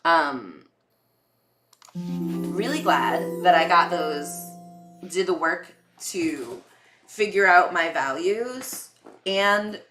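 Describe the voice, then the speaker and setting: A woman's voice: lowish voice, a bit bright, echoey room. A young woman hosting a podcast, telling candid personal stories in a chatty way, full of fillers and acted-out quotes. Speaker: podcast host. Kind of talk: casual personal storytelling.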